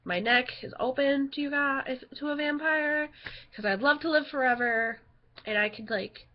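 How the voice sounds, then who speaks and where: A woman's voice: high voice, moderate pace, highs cut off. A young woman chatting casually in a rambling home vlog, easily sidetracked and giggly. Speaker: vlogger.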